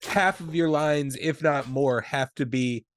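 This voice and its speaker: A man in casual podcast talk about a film, relaxed and rambling, often trailing off into quiet asides. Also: on the high side, a little slow, no room sound, clean studio sound. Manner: relaxed, rambling, many fillers and restarts, drops to quieter asides. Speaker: podcast co-host. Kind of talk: casual movie discussion.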